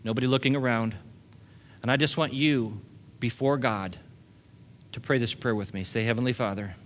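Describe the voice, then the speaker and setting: A man's voice: medium pitch, normal speed, a little hiss or hum. A male pastor preaching a sermon, building emphasis with casual asides to the congregation.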